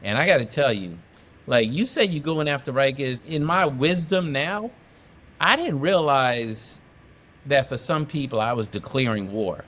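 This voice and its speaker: As a podcast guest in a relaxed storytelling interview, a middle-aged man from New York gets emphatic and repeats phrases to make his point. His medium-pitched voice has lively intonation, an unhurried pace, and a fairly bright tone.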